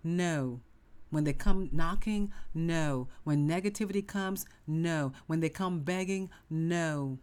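A woman's voice: deep voice, slow, darkish tone. A middle-aged woman hosting a motivational self-help podcast, speaking emphatically with lots of repetition and sudden whispered asides. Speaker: podcast host.

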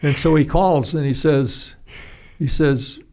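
An older man, a retired pilot, telling a story in a halting, rambling way with restarts and salty language. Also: a little high, steady tone, dark tone. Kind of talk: casual spoken storytelling.

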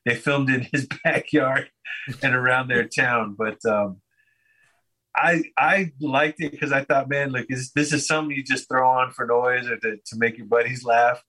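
A man's voice: mid-range voice, steady tone, a little slow, bright, forceful tone, poor audio. A man guesting on a podcast, telling a rambling story in casual chat and laughing often.

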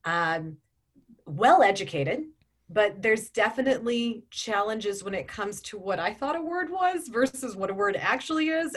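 A woman in her forties, an audiobook narrator and voice actor, talking in a chatty interview with frequent ums and restarts. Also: mid-range voice. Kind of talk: casual interview chat.

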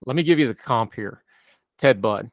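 A man's voice: mid-range voice, animated, normal speed, no echo. A man co-hosting a casual political discussion, making wry, knowing asides.

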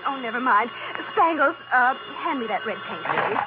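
A woman's voice: fairly high pitch, very animated, music in the background. An older woman playing a busy, motherly Mrs. Claus who fusses and bustles in a 1940s radio drama. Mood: fussing. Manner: fussing, warm-hearted, brisk. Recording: noisy tinny old radio recording.

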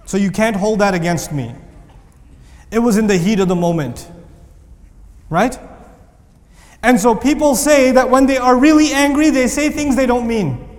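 Man, preacher, sermon, high voice, animated, acts out quoted voices, long reverb. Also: moderate pace, long pauses. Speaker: Islamic preacher.

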